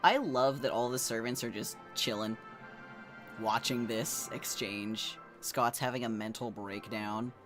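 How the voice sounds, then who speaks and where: A man's voice: mid-range voice, measured pace, over music. A man streaming a game, joking casually and reading the characters' lines aloud.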